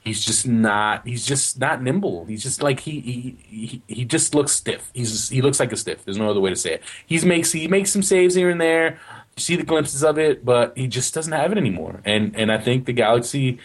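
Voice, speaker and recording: A man's voice: medium pitch, animated, moderate pace. A man co-hosting a casual soccer podcast, rambling with frequent restarts and "you know what?" asides. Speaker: podcast co-host.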